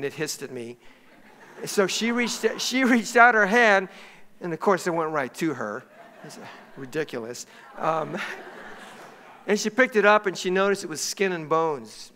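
A man's voice: a little high, clear, resonant tone. A middle-aged man preaching a sermon, telling a personal story with self-mocking humor in a church sanctuary. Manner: self-mocking, animated anecdote. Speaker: pastor. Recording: echoey hall.

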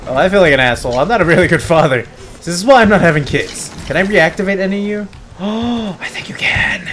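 A young man giving casual, rambling let's-play commentary from home, joking at his own expense and breaking into loud excited yells. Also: sits high, quick pace, a little hiss or hum. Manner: rambling, self-mocking, bursts into loud excited yelling. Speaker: gameplay commentator. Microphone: desk microphone at home.

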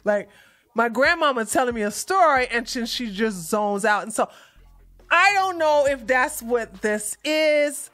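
A woman giving casual, animated reaction commentary as a news vlogger, chatty and often laughing. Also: on the high side, measured pace, faint music behind.

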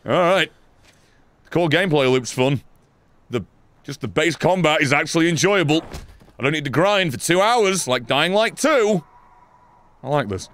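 A man giving excitable, profane, laugh-filled commentary while playing a video game. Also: a little high, moderate pace, pauses often, a little hiss or hum. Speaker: gaming YouTuber. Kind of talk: let's play commentary.

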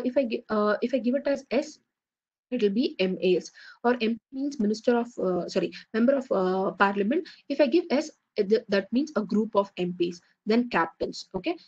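A woman's voice: mid-range voice, warm tone, slightly rough. A woman teaching an online lecture, explaining step by step and checking in with "okay". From India. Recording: dull lo-fi online class audio.

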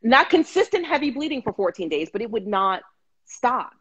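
A woman guest telling her story in casual, animated chat, with frequent restarts, over a video call. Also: fairly high pitch, moderate pace, breathy edge, lo-fi sound. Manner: animated, restarts, acts out quotes.

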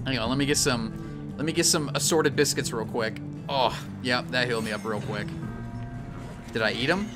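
A young man commenting as he plays a video game, jokey and animated, yelping and apologizing loudly as things go wrong. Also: medium pitch, normal speed, vocal fry. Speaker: streamer playing a video game. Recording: faint game music behind.

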